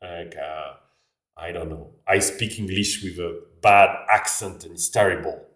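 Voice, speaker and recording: A man's voice: deep voice, a little slow, a bit bright. A man with a French accent, talking casually to camera in a rambling way, often restarting his sentences. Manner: rambling, restarts phrases, frequent "like". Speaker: vlogger. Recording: echoey room, voice a bit far off.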